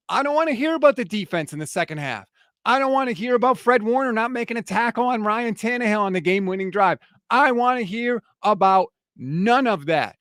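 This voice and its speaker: High-voiced, fired-up male sports host. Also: a bit bright, dry recording, clean studio sound. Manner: fired-up, heated ranting. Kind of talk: post-game reaction rant.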